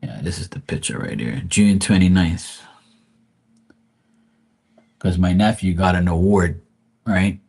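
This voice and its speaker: A man's voice: sits low, lively intonation, measured pace, vocal fry, pauses often, darkish tone, slightly rough. A man grieving, talking casually and profanely in a rambling livestream, often restarting his sentences. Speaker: tarot reader streamer.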